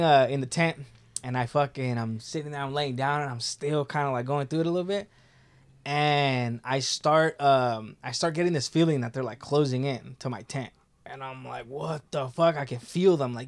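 A man's voice: mid-range voice, moderate pace. A young man telling a story in casual talk, laid-back and profane, with lots of filler words.

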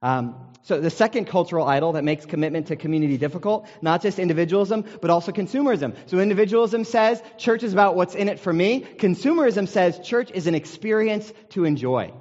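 An American man preaches in a loose, conversational way, telling stories and poking fun at himself. His voice sits a little high for a man. The sound is dull and muffled, with a long reverb trailing through a large hall. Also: expressive, fairly quick, few pauses, darkish tone. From United States. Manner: conversational storytelling with self-deprecating humor. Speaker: pastor. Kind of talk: sermon.

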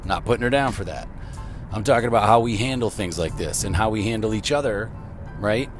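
A man's voice: lowish voice, expressive, fairly quick. Middle-aged man, podcast host talking on the drive to work, loose and rambling, faint music underneath. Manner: rambling, conversational, laughs easily. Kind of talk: casual chat while driving to work. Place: in a car.

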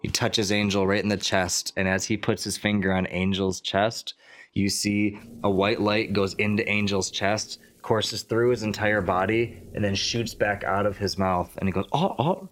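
A low-voiced man runs a tabletop game, narrating the action with animated, descriptive storytelling. A faint hiss of noise sits under the recording. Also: moderate pace. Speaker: game master.

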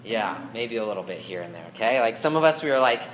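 A young youth pastor with a lowish, expressive voice preaches fast in a chatty, casual way, full of fillers. He mimics whiny, grumbling voices, and the echoey room carries faint ambience and a noisy background.

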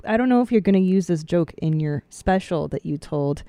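A woman's voice: on the low side, animated, brisk, warm tone, no room sound. A woman co-hosting a podcast in casual chat, laughing a lot and eagerly prompting her co-host.

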